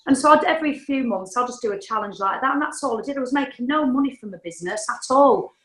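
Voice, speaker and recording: A woman's voice: on the high side, lively intonation, fast, a bit bright. A middle-aged woman, a podcast guest telling her story in a frank, chatty way and swearing casually. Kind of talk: candid storytelling. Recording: echoey room.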